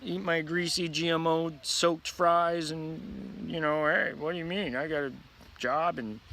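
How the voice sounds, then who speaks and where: A man's voice: a little high, steady tone, measured pace, bright, forceful tone, a little hiss or hum. A man mocking a complacent, careless everyman with a lazy, drawling, dismissive voice.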